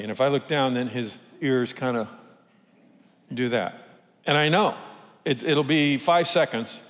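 A pastor preaching a sermon, telling stories and asking rhetorical questions. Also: male voice, medium pitch, big-room sound. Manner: lively storytelling with rhetorical questions.

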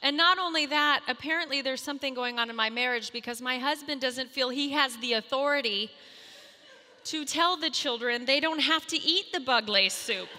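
A woman in her thirties telling a humorous, self-mocking story to a moms' group, animated and acting out the voices in her quotes. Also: high-pitched, normal speed, long reverb tail, slight background noise.

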